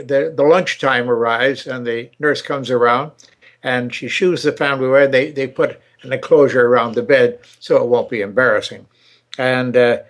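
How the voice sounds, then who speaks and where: An older man hosting a podcast, talking casually and telling a joke with halting repetitions. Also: medium pitch. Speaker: show host.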